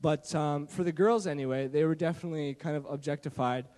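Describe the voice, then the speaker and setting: A high-pitched man from Canada telling a story at a church gathering, animated and full of "uh" and "kinda" as he restarts his sentences. His handheld mic rings through a hall with a long, trailing reverb. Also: brisk. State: shaky from not eating. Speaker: church youth leader sharing a mission trip story. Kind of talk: church testimony talk. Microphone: handheld microphone.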